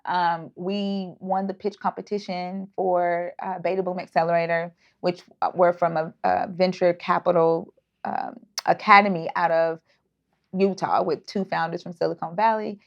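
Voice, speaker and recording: A woman's voice: lowish voice, flat delivery, moderate pace, gravelly. Brief: woman, 30s, earnest guest on a video call, muffled lo-fi audio. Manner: earnest, with frequent fillers and restarts. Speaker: startup founder and guest. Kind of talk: casual interview talk. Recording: dull lo-fi audio.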